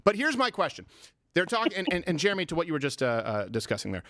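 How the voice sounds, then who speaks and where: A fast-talking American man with a slightly high voice hosts a live stream, rambling and joking with lots of restarts. The sound is dry and close, like a studio mic on a call. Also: sing-song, fairly bright tone, no room sound. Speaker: comedian and show host. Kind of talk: casual political chat on a live stream.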